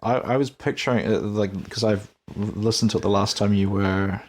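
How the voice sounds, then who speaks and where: Low-voiced male podcast host, rambling. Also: fairly even intonation, a little fast. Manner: rambling, hesitant, many restarts. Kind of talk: casual interview chat.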